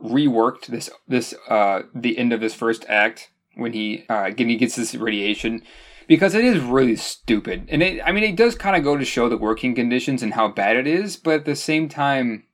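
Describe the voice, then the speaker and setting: A man co-hosting a podcast who talks over a movie in a measured, hesitant way, often restarting his sentences. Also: medium pitch. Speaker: podcast co-host. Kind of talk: casual movie review chat.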